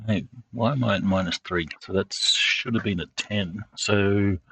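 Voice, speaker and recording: A man acting as game master over voice chat, pausing often with ums and uhs as he calls for rolls. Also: lowish voice, vocal fry, fairly bright tone. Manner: halting, with many ums and uhs. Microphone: online call mic. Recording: dull lo-fi mic with faint noise.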